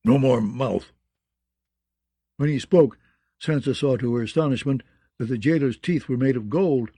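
A man narrating a fantasy audiobook in a measured, descriptive way, close to the mic. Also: medium pitch, mellow, dry recording.

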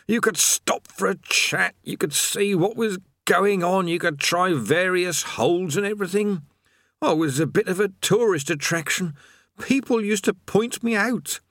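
A man's voice: high-pitched, fairly bright tone, dry recording, studio quality, voice pushed up. A man voicing a haggard, weary chained prisoner condemned to eternal labour in an audiobook. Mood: weary complaining. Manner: slow, haggard, complaining.

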